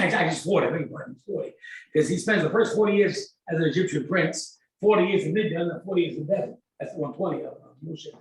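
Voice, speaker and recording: An older man, a rabbi teaching an informal Torah class, telling stories and acting out dialogue in an animated way. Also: a little high. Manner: animated storytelling, acts out dialogue. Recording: echoey room, mic at a distance.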